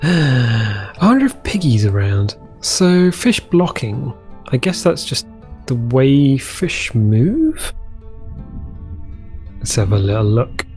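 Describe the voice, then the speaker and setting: A man's voice: mid-range voice, very animated, takes it slowly, a little mellow, soft background music. Chatty man narrating a survival game. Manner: chatty, easily delighted, trails off mid-sentence. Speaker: let's play host. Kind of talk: casual gameplay commentary.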